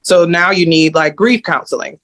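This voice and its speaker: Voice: medium pitch, moderate pace, a bit bright. A coach on a video call who lays out points one by one, with frequent fillers. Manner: methodical, lists points, many fillers. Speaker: mindset coach.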